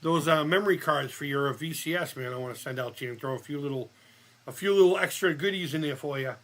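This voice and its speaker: A man's voice: on the high side, fast talker. A man chatting casually during a live retro game stream, swearing often and laughing at himself. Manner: profane, laughing, excitable. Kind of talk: casual live gameplay chat.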